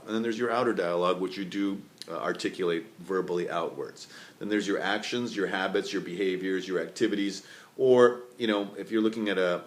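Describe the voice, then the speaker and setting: A man with a notably deep, low-pitched voice explains relationship communication as a coach. He strings points together in long spoken lists, pausing on fillers and restarting phrases as he goes. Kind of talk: solo teaching talk.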